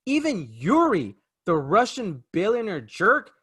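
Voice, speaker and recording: A man's voice: high voice, huge pitch swings, measured pace, fairly bright tone, slightly rough. A man co-hosting a casual film review podcast, ranting emphatically about a movie. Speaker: podcast co-host.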